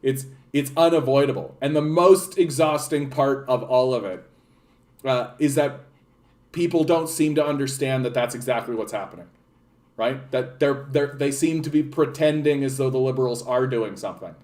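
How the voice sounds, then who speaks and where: A man's voice: medium pitch, normal speed, darkish tone. A young Canadian man ranting in a political vlog, rambling and sarcastic, with frequent swearing and restarts. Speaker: political commentator.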